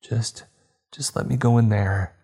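A man's voice: mid-range voice, fairly even intonation, unhurried, dark tone, breathy edge, voice pushed up. A man voicing a desperate, stubborn teenage girl who pleads with breathless urgency in an audiobook. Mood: pleading.

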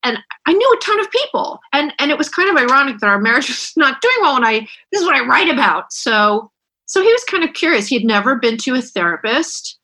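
A woman's voice: high-pitched, sing-song, brisk, bright, forceful tone. A middle-aged woman author chatting candidly in an interview, self-deprecating, with many restarts. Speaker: author guest. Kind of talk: casual interview chat.

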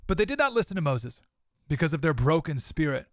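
Talking straight to his listeners, a podcast host and father of a young child reflects aloud and reads scripture in an easy, conversational manner. His voice is a little high with big pitch swings and a slightly fast pace, captured in clean studio sound with no echo.

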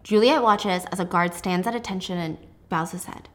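A young woman hosting a casual book recap, telling the plot in a lively, chatty, sarcastic way. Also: lowish voice, moderate pace, hardly any pauses. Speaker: host.

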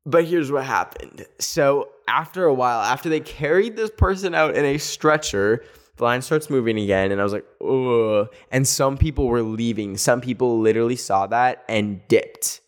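A man's voice: mid-range voice, moderate pace. Sassy, chatty man telling a story. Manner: animated storytelling, sassy asides, acts out quotes. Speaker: podcast host. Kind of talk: casual chat.

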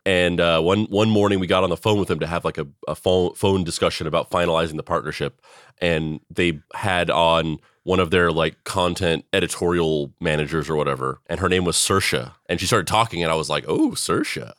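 A man's voice: sits low, steady tone, brisk, fairly bright tone, no echo, studio quality. A man co-hosting a podcast in rambling, profane casual chat. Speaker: podcast co-host.

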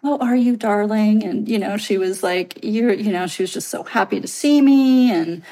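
Woman, late thirties, podcast guest, earnest, rambling, fillers and restarts, medium pitch. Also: normal speed, mellow, rough recording. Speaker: podcast guest telling her story. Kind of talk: personal storytelling.

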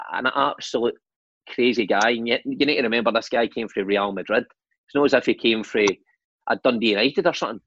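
A Scottish man in his forties, a former footballer, telling animated anecdotes on a podcast with laughs and swearing. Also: mid-range voice, husky, no echo, muffled recording. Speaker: guest, former footballer and manager. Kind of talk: casual storytelling chat.

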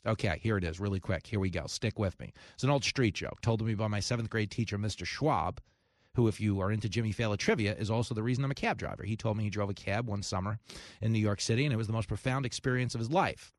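A man's voice: lowish voice, fast, dry recording. A man hosting a talk radio show, ranting with comic asides and telling jokes into a studio microphone. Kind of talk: opinionated talk radio monologue.

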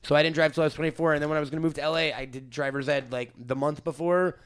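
A man's voice: fairly high pitch, steady tone, racing, clean tone. A man from the New York area chatting casually and jokingly on a podcast, rambling through his stories. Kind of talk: casual chat.

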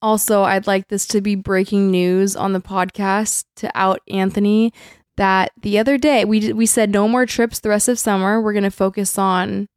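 A woman's voice: mid-range voice, steady tone, moderate pace, clean tone, no room sound, clean studio sound. A woman co-hosting a podcast, teasing her partner and laughing often. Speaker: podcast co-host. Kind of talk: casual chat.

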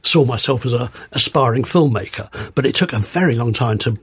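A man's voice: medium pitch, animated, brisk, slightly rough. An older man, a guest on an interview podcast, telling long rambling anecdotes with many repeated words. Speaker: guest, former music writer and photographer. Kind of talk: relaxed reminiscing in conversation.

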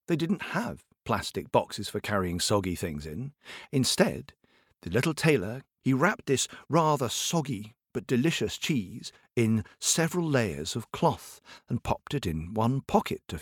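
Man, storyteller, playful, talks right to the kids, very lively pitch, dry close sound. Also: measured pace, husky, no echo. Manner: expressive, playful, addresses listeners directly. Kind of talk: animated storytelling for children.

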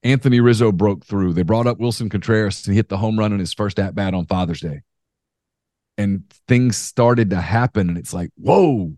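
Deep-ish guy on a sports podcast, tells stories, gets emphatic, dry sound. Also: moderate pace, dark tone, no echo. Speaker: podcast co-host. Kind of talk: casual sports talk.

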